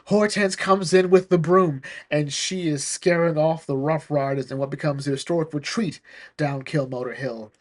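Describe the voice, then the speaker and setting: A man's voice: on the high side, steady tone, moderate pace. A man in casual chat, recapping a comic in an amused, rambling way. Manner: chatty and amused, lots of "like". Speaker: comic reviewer.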